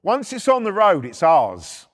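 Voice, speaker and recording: Middle-aged bloke, high-pitched, profane, animated storyteller who does the voices himself. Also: male voice, measured pace. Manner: animated, swears constantly, acts out voices. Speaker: podcast storyteller. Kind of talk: casual anecdotal storytelling.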